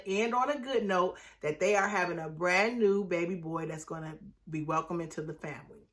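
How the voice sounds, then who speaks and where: In a medium-pitched voice, a woman gives a casual, animated recap of a reality TV episode, outraged and addressing her viewers directly.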